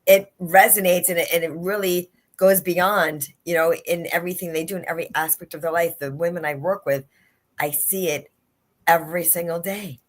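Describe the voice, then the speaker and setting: Speaking at normal speed in a lowish, fairly even voice, a woman life and leadership coach appears as a livestream interview guest over video call. Her motivational talk is earnest, and she emphasizes key phrases by saying them again.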